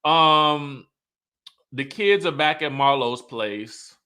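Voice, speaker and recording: A man's voice: on the high side, slow, pushed and bright, clean tone. A man recapping a reality show in a sassy, chatty way, full of asides and laughing at his own remarks. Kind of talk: casual show recap commentary.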